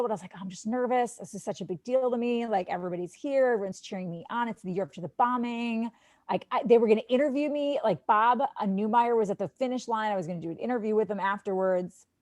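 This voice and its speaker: Woman, animated storyteller, lots of "like", dry close podcast sound. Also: medium pitch, dry recording. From Wisconsin. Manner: animated, lots of "like", quotes herself. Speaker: podcast guest, sports TV host. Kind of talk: casual storytelling.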